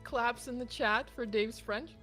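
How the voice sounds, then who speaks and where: A Canadian woman co-casting a game stream, telling animated stories with frequent laughter. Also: fairly high pitch, music in the background. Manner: animated storyteller, quick laughs. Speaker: esports caster. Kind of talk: casual stream chat.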